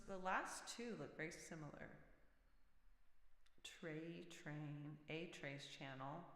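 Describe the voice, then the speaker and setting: Woman streamer, gravelly voice, chatty and reactive, long echoing reverb. Mid pitch. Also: a bit bright. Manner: chatty, reacts aloud to chat messages. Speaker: livestream musician host. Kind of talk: casual livestream chat with viewers.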